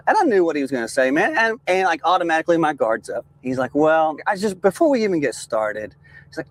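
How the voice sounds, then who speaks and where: A young adult man, a truck driver, casually telling a story to his viewers, lively and laughing, often calling them man and dude. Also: fairly high pitch, fast talker. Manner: animated, laughing, says man and dude a lot. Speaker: trucker and channel host.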